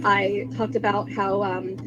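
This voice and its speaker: A woman's voice: medium pitch, flat delivery, a little slow, dull audio, noisy background. A woman defending herself with hesitant ums in a casual video call chat.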